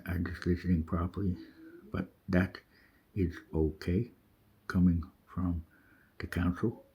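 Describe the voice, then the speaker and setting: Deep husky man rambling. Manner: rambling, profane, urgent, with many restarts. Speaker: vlogger. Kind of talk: rambling spiritual monologue. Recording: dull lo-fi audio.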